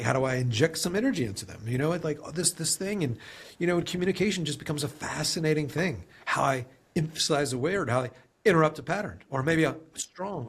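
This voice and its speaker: A man with a husky, breathy edge to his voice speaks as a podcast guest in a mid-pitched voice. He talks in a loose, reflective way and keeps circling back with "you know". It sounds like a conversational interview. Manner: reflective and rambling, heavy use of "you know". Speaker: podcast guest, sales leader.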